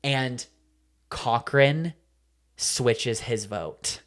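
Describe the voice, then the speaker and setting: A woman's voice: extremely low pitch, extremely slow. A woman co-hosting a podcast, chatting casually and telling stories animatedly, with lots of "like" fillers. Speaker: podcast co-host. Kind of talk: casual chat.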